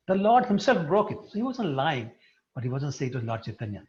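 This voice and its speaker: Animated male devotional storyteller. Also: medium pitch, fast. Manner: animated storyteller who poses questions to the listeners. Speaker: religious teacher. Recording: dull lo-fi recording.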